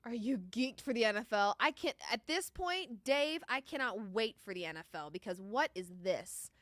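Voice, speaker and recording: This sports betting show host, a young woman, speaks at normal speed in a fairly high, expressive, slightly bright voice while pleading and groaning over a losing bet on her live reaction stream. The recording is dry and clean, captured on a studio microphone in a sports studio.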